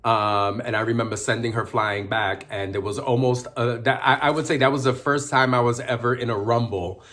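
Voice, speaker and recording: A man casually telling personal stories to the camera in a chatty, animated way. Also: medium pitch, moderate pace. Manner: chatty, animated, with dramatic outbursts. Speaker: vlogger. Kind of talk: casual storytelling vlog.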